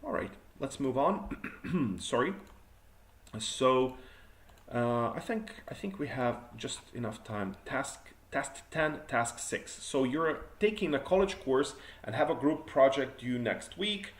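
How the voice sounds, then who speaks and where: A man's voice: medium pitch, animated, slow pace, reverberant. A man teaching an exam prep class, reviewing student answers and showing how to phrase them better. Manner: corrective, demonstrates better phrasing.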